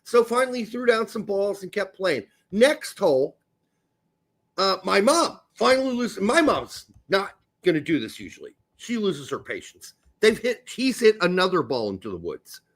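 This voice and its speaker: Man, podcast host, high voice, animated, swears a lot, casual storytelling. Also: normal speed.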